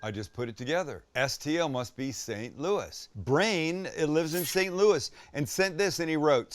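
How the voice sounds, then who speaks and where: A man's voice: a little high, normal speed, few pauses. A middle-aged man from Canada hosting a casual, jokey cooking demo in a kitchen, chatty and self-deprecating. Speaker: cooking show host. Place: home kitchen.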